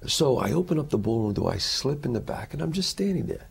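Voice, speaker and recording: A man, an actor, talking as a guest in an interview and telling animated stories in which he acts out other people's lines. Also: mid-range voice, fast talker, creaky, breathy edge. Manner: lively storyteller who acts out the quotes.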